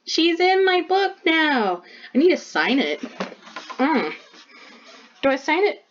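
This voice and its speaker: A woman's voice: sits high, big pitch swings, slow, highs cut off, slight background noise. A woman artist chatting casually while showing her sketchbook drawing, bubbly and full of "like" fillers.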